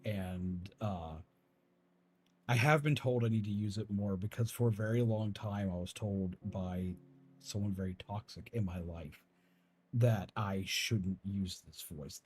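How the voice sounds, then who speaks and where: A man streaming a game in his natural voice, soft, low and slow, one that people call spooky, with a calm, hesitant way of talking. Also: slight background noise. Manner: calm, slow and hesitant, with many restarts and small laughs. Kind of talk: casual chat while gaming.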